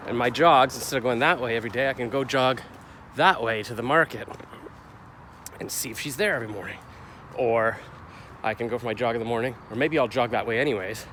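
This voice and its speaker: A middle-aged man talks to his camera in a loose, rambling vlog, second-guessing himself as he goes. His voice sits at an ordinary pitch for a man. Traffic and city noise carry clearly behind him. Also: a little fast, a bit bright. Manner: rambling, self-questioning, gets heated retelling the clash. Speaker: vlogger. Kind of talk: casual confessional vlog.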